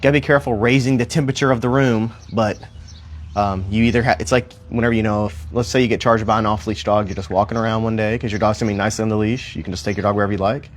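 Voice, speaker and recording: A man's voice: lowish voice, steady tone, fast talker, slight background noise. A man working as a dog trainer, talking casually and rambling a little in a park, with mild cursing. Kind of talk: casual livestream explanation. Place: outdoor park.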